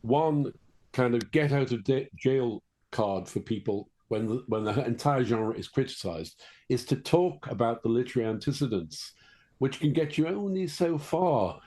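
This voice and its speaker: Warm-voiced older man from Liverpool. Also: mid-range voice, expressive, normal speed. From Liverpool, England. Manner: discursive, anecdotal. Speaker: guest writer. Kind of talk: conversational interview.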